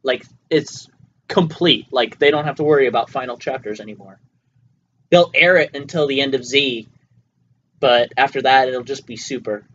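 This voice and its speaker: A man's voice: mid-range voice, moderate pace, fairly bright tone. A man co-hosting a casual podcast, joking and laughing often, talking right into a close mic on a tripod, with a dull lo-fi sound and faint hiss. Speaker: podcast co-host. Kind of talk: casual chat.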